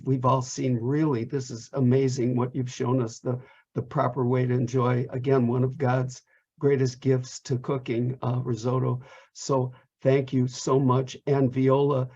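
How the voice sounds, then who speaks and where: Male host, husky and mellow, rambling and jokey, flat delivery, muffled call audio. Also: medium pitch, normal speed. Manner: rambling, repeats words, jokey. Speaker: host of a lecture program. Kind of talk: closing remarks at an online talk. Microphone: video call. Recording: dull, lo-fi video call audio.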